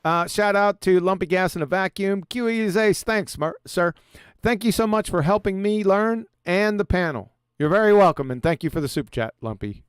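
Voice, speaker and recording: High-voiced man hosting a livestream. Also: moderate pace, smooth, dry recording. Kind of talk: casual livestream chat and reading aloud.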